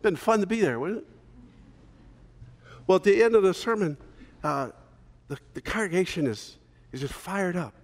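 A man preaching a sermon as pastor, telling a story in a relaxed conversational way with small fillers. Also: sits high, normal speed, long pauses, big-room sound.

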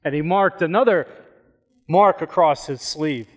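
A man's voice: on the high side, measured pace. A male pastor giving a sermon in a church, leading a prayer and then telling stories in a conversational way with joking asides. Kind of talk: sermon with storytelling. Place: church sanctuary. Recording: long hall reverb.

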